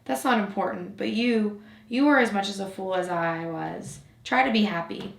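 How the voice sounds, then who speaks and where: A woman's voice: mid-range voice, moderate pace, gravelly, close to an everyday voice. A woman voicing a proud, fragile female flower in a storybook reading, speaking tenderly and pleadingly. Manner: tender, pleading, gently scolding. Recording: roomy echo.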